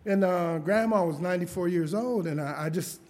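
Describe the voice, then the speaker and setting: A man's voice: sits high, a little fast. A middle-aged man preaching a sermon testimony in a church, telling family stories with frequent chuckles and calls for amen. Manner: lively storytelling, chuckles often, calls for amens.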